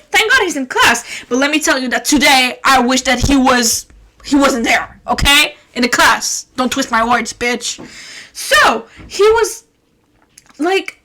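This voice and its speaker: High, bright young woman ranting loudly. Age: young adult. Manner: profane, yelling, rapid rant. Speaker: podcast host. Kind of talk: ranting casual podcast monologue.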